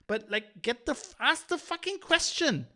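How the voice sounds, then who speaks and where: A man's voice: very high voice, big pitch swings, bright, forceful tone. A male podcast host, ranting heatedly with lots of swearing and restarts. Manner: heated, profane, fast ranting with many restarts. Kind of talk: opinionated podcast rant.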